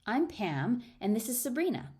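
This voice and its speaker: A woman voicing an excitable, teasing young woman friend who talks loudly. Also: fairly high pitch, moderate pace, voice pushed up. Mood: excited. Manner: loud, excited.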